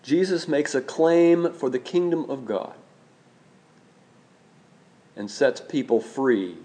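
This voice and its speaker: A man preaching a sermon, speaking in a measured way, slowing down and repeating key phrases for emphasis. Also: mid-range voice, expressive, warm tone.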